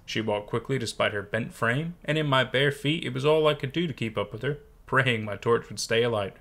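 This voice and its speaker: A man reading a first-person horror story aloud in measured, tense scripted narration. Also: mid-range voice, a bit bright.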